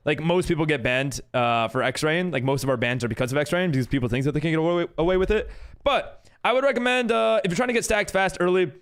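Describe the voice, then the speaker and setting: A man's voice: fairly high pitch, quick pace, fairly bright tone, smooth. Upbeat rambling male streamer. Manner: rambling, many "like"s and restarts; upbeat greetings to viewers. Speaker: livestreamer and server host. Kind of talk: casual live-stream chat while gaming.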